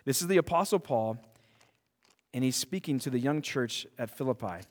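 Male pastor, sermon, average pitch, animated and repetitive, church hall reverb. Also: normal speed. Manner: animated, repeats words as he restarts, laughs at his own stories.

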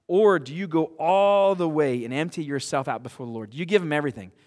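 A man preaching a sermon as pastor, animated, often restarting and repeating words, laughing now and then at his own stories. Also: fairly high pitch, fast talker. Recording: long hall reverb.

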